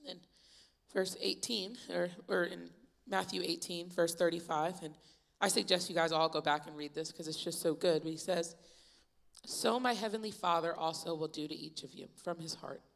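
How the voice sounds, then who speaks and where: A young woman preaching a youth sermon, retelling Bible stories in a lively, casual storytelling way. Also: lowish voice, moderate pace, vocal fry. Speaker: youth pastor. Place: church youth service.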